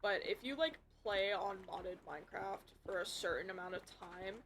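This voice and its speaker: A young woman streaming a game from home, chatting casually and swearing often, with loud outbursts. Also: mid-range voice, moderate pace, a little hiss or hum. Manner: swears a lot, loud outbursts while playing. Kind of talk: casual gaming stream chat. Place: home room with a computer.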